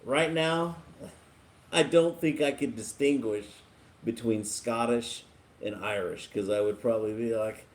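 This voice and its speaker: A man's voice: medium pitch, measured pace. A man hosting a casual live stream, chatting and laughing as he reads viewer comments aloud. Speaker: livestream host.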